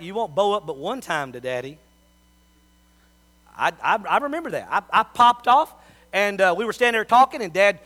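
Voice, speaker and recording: A man's voice: sits high, sharp tone. A middle-aged man, preaching a sermon as a pastor and telling folksy stories.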